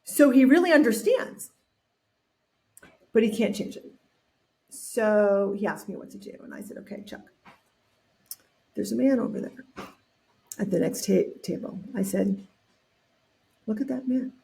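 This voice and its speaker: A woman guest on a podcast, telling an anecdote in an animated way, acting out what people said and often restarting her sentences. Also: mid-range voice, measured pace, creaky, long pauses. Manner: animated storyteller acting out quotes, frequent restarts. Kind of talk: storytelling in a podcast interview.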